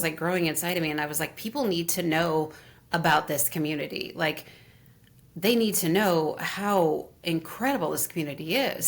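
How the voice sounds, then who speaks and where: A middle-aged woman speaking as an interview guest, gushing and animated as she tells a story. Her voice sits low and carries a gravelly fry. She fills her talk with little fillers. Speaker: guest, Reiki teacher.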